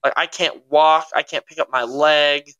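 Young man, podcast co-host, bright voice, dramatic animated storytelling. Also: on the high side, moderate pace, clean tone, lo-fi sound. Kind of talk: casual chat.

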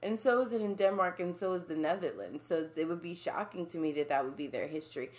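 A woman's voice: fairly low pitch, fast. A young woman co-hosting a casual chat podcast, joking and blunt with plenty of swing in her delivery. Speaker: podcast co-host.

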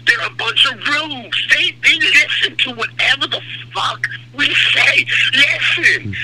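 A brash aging rock star, crude and sarcastic, with a high voice that leaps all over its range, as a man puts him on. He gossips and sneers at his fans. The radio call carries a clear layer of noise. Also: expressive, slow, bright, forceful tone, exaggerated voice, rough recording. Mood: mocking. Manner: crude, sarcastic, gossipy, calls the host by name. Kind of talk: comedic impression on a radio call.

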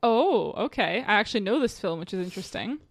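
A woman's voice: medium pitch, sing-song, quick pace, dry recording, clean studio sound. A woman playing a party game who chats casually, giggling and poking fun at her own efforts. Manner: giggly, self-deprecating. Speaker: game player. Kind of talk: casual chat.

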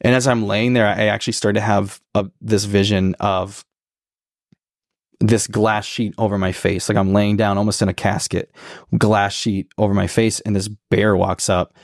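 A man in his twenties, a podcast guest telling a personal story in a relaxed, reflective way, with many filler words. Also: fairly low pitch, normal speed, dry recording, studio quality. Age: 20s. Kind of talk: casual storytelling conversation.

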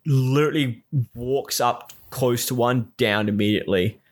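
A man tells a gaming story in a loose, casual chat. He is exasperated and swears freely, and he rambles with many restarts. His voice sits in a middle, ordinary pitch. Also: measured pace, fairly bright tone.

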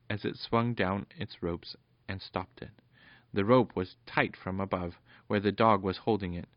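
A man reading a bedtime story aloud to his children, gentle and lively. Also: on the low side, dry recording, muffled recording.

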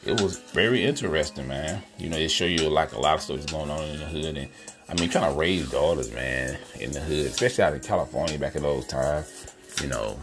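Male podcast host, very low voice, easygoing slangy film chat, music bed underneath. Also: brisk. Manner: laid-back, slangy, talks to listeners as y'all. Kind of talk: casual movie review chat.

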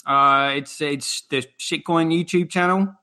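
A man's voice: a little high, steady tone, a little slow, pushed and bright. A British man co-hosting a casual live stream, rambling and laughing as he talks. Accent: British English. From Britain. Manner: laughs between words, rambling. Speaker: co-host of a crypto live stream.

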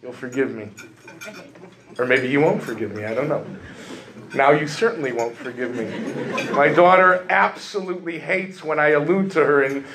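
A middle-aged man giving a sermon as a rabbi, his voice sitting a bit high for a man. He tells his story with humor and jumps in pitch when he stresses a point. Faint clinks of dishes and cutlery sound behind him. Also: normal speed, background noise. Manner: humorous, animated storytelling with rising emphasis.

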